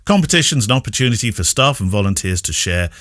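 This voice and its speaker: A man's voice: lowish voice, very animated, quick pace, fairly bright tone, no echo, studio quality. A British man co-hosting a photography podcast, chatting casually, laughing easily and reading listener mail aloud. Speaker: podcast co-host. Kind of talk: casual chat.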